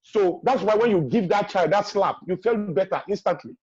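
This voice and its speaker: A man's voice: sits high, moderate pace, darkish tone, breathy edge, dry recording. A man giving emphatic parenting advice on a webinar, repeating his key points and acting out what parents say. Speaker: guest speaker on parenting. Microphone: video call. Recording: dull lo-fi online call audio.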